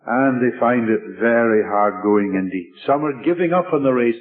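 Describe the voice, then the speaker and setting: Man, sermon, measured emphatic preaching, repetition, tinny phone-like radio sound. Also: mid-range voice. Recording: tinny lo-fi radio broadcast with faint music.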